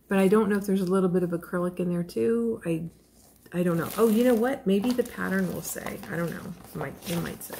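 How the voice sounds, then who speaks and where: A woman's voice: lowish voice, creaky, darkish tone. Gushing, rambling woman crafter. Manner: gushing, self-deprecating, rambling with frequent fillers and small laughs. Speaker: crochet vlogger. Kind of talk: casual unboxing chat.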